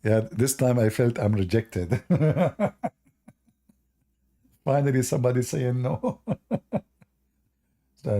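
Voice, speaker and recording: A man casually telling anecdotes as host, chuckling often and phrasing things loosely like a non-native speaker. His voice is gravelly and husky, with a dark, mellow tone. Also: on the low side, moderate pace, long pauses.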